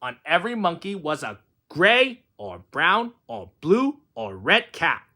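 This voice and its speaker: A man's voice: fairly high pitch, very animated, takes it slowly, bright, forceful tone. A man reading a children's picture book aloud in a sing-song, playful storytelling manner. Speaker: storybook reader.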